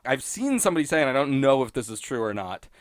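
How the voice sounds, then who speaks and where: A man's voice: mid-range voice, very animated, quick pace, dry recording. Solo podcast host, man, mid-range voice, dry close sound, rambling and wry, restarts a lot. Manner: rambling, self-interrupting, wry, laughs at own points. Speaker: podcast host reviewing episodes. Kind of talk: casual solo commentary.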